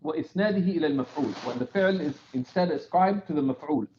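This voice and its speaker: Male teacher, high voice, animated, explains step by step, keeps asking "right?", muffled lo-fi recording, faint hiss. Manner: reads quotations in rapid bursts. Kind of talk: classroom text commentary.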